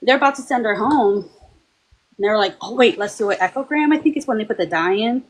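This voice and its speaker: A woman on a paranormal discussion panel, telling a personal story in a chatty, animated way and acting out the voices of the people in it. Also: a little high, fast, low-quality recording. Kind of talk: casual storytelling.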